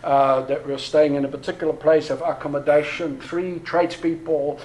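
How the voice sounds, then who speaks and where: A man's voice: fairly high pitch, little pitch movement, normal speed, darkish tone, low-quality recording. A man, telling a long personal story at a church workshop, full of fillers and restarts. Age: 60s. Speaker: pastor. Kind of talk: workshop talk to a church audience.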